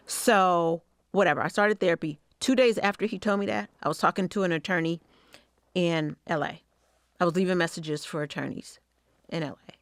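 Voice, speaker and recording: A middle-aged woman hosting a podcast, telling a personal story in a frank, profane, conversational way with quick asides. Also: lowish voice, no echo, clean studio sound. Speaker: podcast host.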